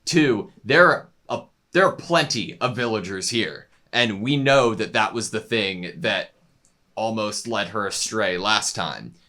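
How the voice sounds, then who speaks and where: A young man with a low, bright, forceful voice. He talks eagerly and easily in a casual discussion and is quick to agree with his co-host. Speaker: co-host of an anime reaction channel.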